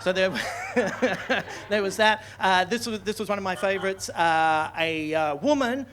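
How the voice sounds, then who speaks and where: Sardonic Australian comic in a noisy club. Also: male voice, high-pitched, measured pace. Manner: sardonic, swearing, mock-outraged. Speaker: stand-up comedian. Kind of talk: live stand-up comedy. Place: comedy club stage, live audience laughing.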